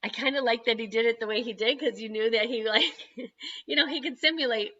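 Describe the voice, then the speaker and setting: Bright-voiced mother chatting over video call. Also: fairly high pitch, fast talker, muffled recording. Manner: chatty, animated storytelling with frequent laughs. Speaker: parent of an autistic son. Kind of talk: casual video-call chat. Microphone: computer microphone on a video call.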